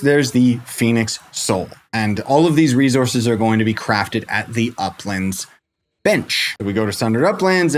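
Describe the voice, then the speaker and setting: Goofy, rambling man narrating gameplay. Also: a little hiss or hum. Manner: playful, rambling, jokey asides with sudden pitch jumps. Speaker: game guide creator. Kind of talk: casual gameplay tutorial commentary. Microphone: desk microphone.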